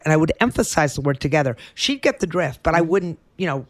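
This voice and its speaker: A woman co-hosting a casual chat, playful and quick to laugh, reading out quiz questions to her friend. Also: sits low, expressive, no room sound, studio quality. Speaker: co-host.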